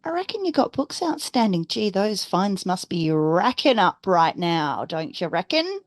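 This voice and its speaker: A woman's voice: medium pitch, sing-song, measured pace, dry recording, clean studio sound. A woman with an Australian accent voicing a pushy female library robot who needles people about overdue books. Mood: needling.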